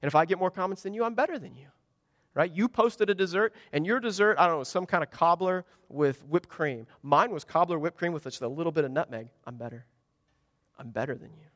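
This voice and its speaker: High-voiced emphatic male preacher. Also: fairly quick, fairly bright tone. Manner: emphatic, rhetorical questions, acts out quotes. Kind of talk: sermon. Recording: dry close mic with long hall reverb.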